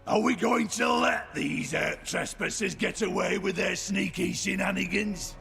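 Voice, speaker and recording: Fierce dwarf lord, gravelly, high and bright, shouting over faint music. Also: male voice, steady tone, a little slow, exaggerated voice. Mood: rousing. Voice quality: gravelly, bellowing. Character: fierce male dwarf lord rallying his clan. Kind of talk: game battle speech. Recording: game audio with faint music.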